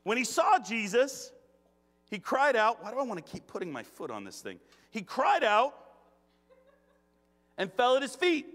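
A man preaching a conversational sermon in a church, joking, animated and laughing often. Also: high-pitched. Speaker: guest preacher. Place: church sanctuary. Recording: long reverb of a church hall.

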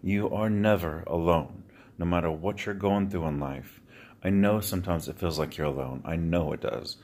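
A man speaking straight to his viewers in an earnest, heartfelt vlog monologue, often pausing with sighs and repeating words as he searches for them. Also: low voice, a little mellow. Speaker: motivational video creator.

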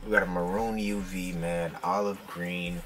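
A man talking casually and excitedly as he unboxes fitted hats for his vlog, full of slang. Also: sits low, measured pace. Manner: excited slangy hype talk. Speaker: hat vlogger.

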